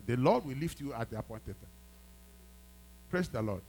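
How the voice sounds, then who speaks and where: A man's voice: mid-range voice, lively intonation, moderate pace, a little mellow, low-quality recording. A man preaching a sermon as a pastor, emphatic, repeating phrases and prompting his congregation.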